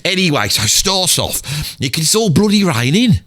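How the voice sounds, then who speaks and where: A man's voice: a little high, sing-song, normal speed, a bit bright. A man playing a rambling Birmingham bloke who swears constantly, in a comedic monologue sketch, with a Birmingham accent. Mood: enthusiastic. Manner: rambling, peppers every line with "bloody". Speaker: comedy character talking about music.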